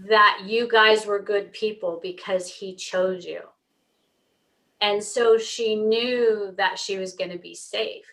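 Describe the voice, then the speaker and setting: A woman's voice: a little high, a bit bright, low-quality recording. A middle-aged woman, a pet communicator, explaining her work in an earnest, storytelling way during an interview. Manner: earnest, storytelling, acts out dialogue.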